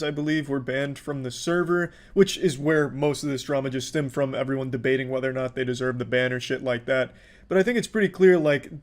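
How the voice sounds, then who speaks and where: A young man giving a casual commentary monologue in a deadpan, flat delivery, swearing often. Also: medium pitch. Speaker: commentary YouTuber.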